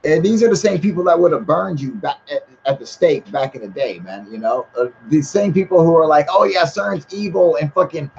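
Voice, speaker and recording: A man hosting a casual livestream, a little high and drunk, swearing constantly and reading the chat aloud. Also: lively intonation, a little fast, hardly any pauses, mellow, lo-fi sound, a little hiss or hum. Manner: heavy swearing, laid-back, reads chat aloud. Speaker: livestream host.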